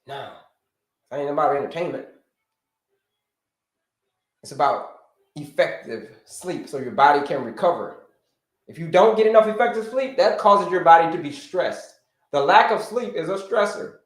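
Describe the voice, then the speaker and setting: High-voiced man teaching in a roomy echo. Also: moderate pace, long pauses. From United States. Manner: animated teacher, repeats key points, greets viewers by name. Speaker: health coach, livestream host. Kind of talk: livestream health lesson. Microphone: livestream setup.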